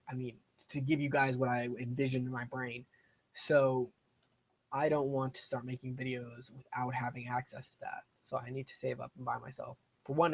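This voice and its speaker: Young dude rambling on a live game stream, chatty and kinda self-deprecating. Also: male voice, mid-range voice. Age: young adult. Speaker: gaming streamer. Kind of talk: casual live-stream commentary while playing.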